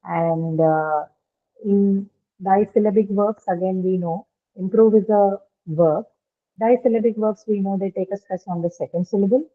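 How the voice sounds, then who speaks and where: A woman's voice: mid-range voice, moderate pace. A woman teaching a lesson on word stress, explaining step by step and often checking with "right?". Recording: thin phone-like line.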